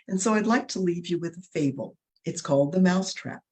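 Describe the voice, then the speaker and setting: A woman presenter giving an earnest, preacherly talk on faith, slowing down to stress her points. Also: on the low side, animated. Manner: earnest, preacherly, slows for emphasis. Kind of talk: faith talk with a told fable.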